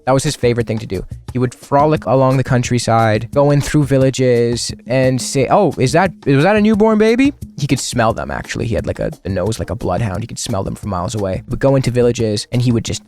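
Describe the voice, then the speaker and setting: A man's voice: medium pitch, fast, hardly any pauses, a little mellow. A man commenting on a reaction stream, sarcastic and swearing freely. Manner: sarcastic, profane.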